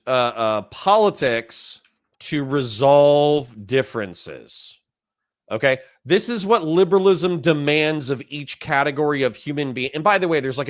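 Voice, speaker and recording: A man hosting a reaction video, commenting on a played clip in an exasperated, sarcastic rant and thinking aloud as he types out lists. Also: medium pitch.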